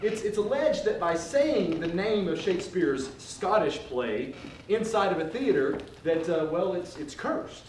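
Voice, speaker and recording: A man's voice: sits high, animated, unhurried, heavy background noise. A man doing hammy live stage comedy in a theater, speaking with campy put-on delivery. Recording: live theater recording, roomy and distant with loud audience.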